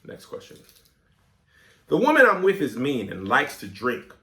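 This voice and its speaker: A man hosting a comedic advice show, reading listener letters aloud and reacting in a mock-serious, animated way. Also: mid-range voice, normal speed, roomy sound. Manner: animated, mock-serious, coughing fits as a bit.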